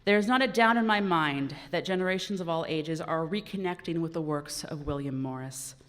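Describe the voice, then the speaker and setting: A woman's voice: low-pitched, fairly quick. A woman host giving an upbeat, formal introduction of the next speaker. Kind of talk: scripted introduction. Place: large conference hall. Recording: echoey hall reverb.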